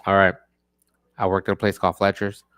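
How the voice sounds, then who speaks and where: A man's voice: sits low, completely flat delivery, a little fast, a bit bright, smooth. Profane, rambling male podcast storyteller. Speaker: podcast host. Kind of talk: casual storytelling.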